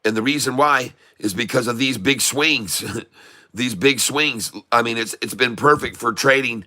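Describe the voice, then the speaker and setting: A man's voice: medium pitch, a little slow, sharp tone. A middle-aged man from Florida giving folksy, showman-like live market commentary and greeting viewers by name. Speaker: day-trading streamer.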